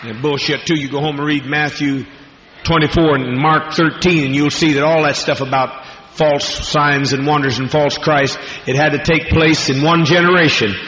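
Captured on a dull, lo-fi archive recording in an echoing hall with slight background noise, this faith healer preaches a fiery healing-service sermon. His voice is a little high and a bit bright, with fairly even intonation at a moderate pace, as he curses freely and barks orders at the congregation.

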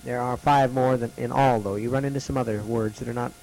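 A man teaching a classroom lesson, slowly repeating each letter's sound for students to copy. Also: mid-range voice, fairly even intonation, vocal fry, a little mellow, slight background noise, low-quality recording.

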